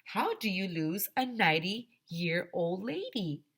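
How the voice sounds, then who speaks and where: A woman reading aloud, voicing a fussy male school principal who keeps trying to calm everyone down. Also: mid-range voice, slow pace, husky, pitched above the performer's own voice, full character voice. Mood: dismayed.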